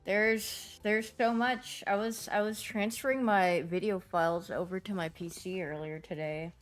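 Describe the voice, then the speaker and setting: A young woman livestreamer chatting casually, rambling and giggly with sudden excited squeals. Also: mid-range voice, a little slow, faint music behind. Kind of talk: casual stream chat.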